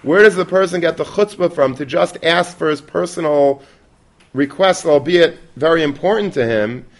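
A man's voice: fairly high pitch, moderate pace. Man teaching a casual Torah class. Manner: conversational, peppered with Yiddish and Hebrew terms, many restarts.

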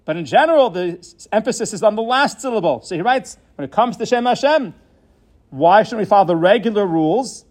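A man with a fairly high, light voice teaches a Torah lesson on Hebrew grammar. He explains each point in a measured, patient way and weaves Hebrew terms into his speech. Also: animated, a little mellow.

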